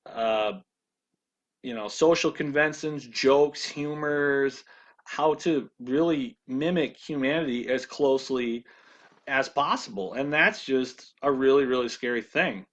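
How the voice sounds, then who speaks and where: A man presenting a ministry video in a casual monologue, halting often with restarts and repeated words. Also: medium pitch, muffled recording.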